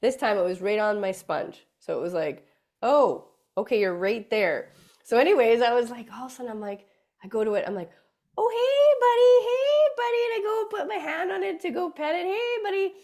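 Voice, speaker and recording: A woman co-hosting a talk show, telling a casual anecdote in an animated way. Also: on the high side, a little fast. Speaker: co-host. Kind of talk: casual storytelling chat.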